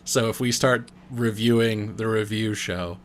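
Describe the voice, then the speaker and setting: A man's voice: lowish voice, steady tone, unhurried, a little hiss or hum. A man co-hosting a podcast from his room over a video call, chatting with dry, teasing jokes. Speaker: podcast co-host, audio engineer.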